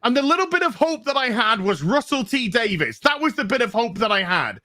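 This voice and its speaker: A man with a very high, bright voice tears into a furious rant, swearing at every turn. His pitch swings widely as he hammers each point with heated emphasis. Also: very animated, a little fast. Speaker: podcast co-host. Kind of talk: angry profane rant.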